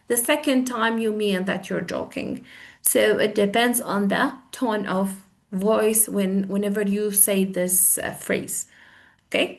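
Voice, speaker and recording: A young woman teaches English on a video call, acting out example phrases in different tones and switching between English and as she explains them. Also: a little high. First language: Arabic. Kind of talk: online language lesson.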